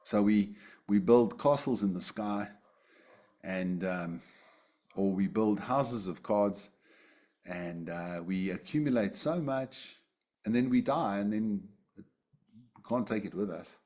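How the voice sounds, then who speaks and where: A man teaching an online Buddhist class over a video call, talking in a relaxed, conversational way with fillers and restarts. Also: on the low side, slow pace, pauses often.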